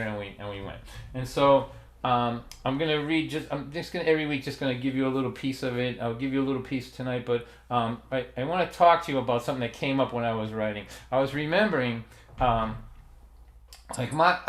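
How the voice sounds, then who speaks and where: A man in his sixties with a strong Boston accent, chatting casually and telling stories to a livestream audience, rambling and laughing often at himself. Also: mid-range voice. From Massachusetts, USA. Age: 60s. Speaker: folk singer and storyteller hosting a livestream. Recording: roomy echoey sound.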